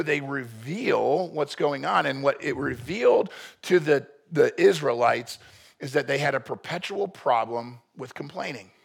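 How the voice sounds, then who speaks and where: A man preaching a sermon in a casual, emphatic way, with sudden loud bursts of force. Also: on the high side, creaky, husky. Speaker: pastor.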